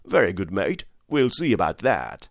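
A man's voice: deep voice, big pitch swings, normal speed, no room sound, clean studio sound. A man voicing a surly, insolent, half-drunk male servant in a storybook reading, speaking in a sneering, sulky way.

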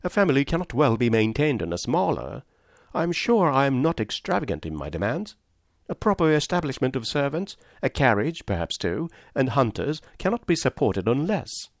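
A man reading an eager, romantic young woman in a period novel, voice raised and lively. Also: moderate pace, no echo, clean studio sound. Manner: eager, animated, raised pitch.

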